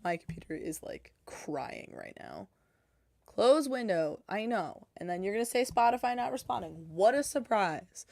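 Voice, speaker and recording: Woman game dev streaming on a headset, pitch jumps all over, super dry close sound, kinda flustered. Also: big pitch swings, moderate pace, gravelly, darkish tone, no room sound. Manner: self-deprecating, flustered, talks to herself. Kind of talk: casual livestream chat.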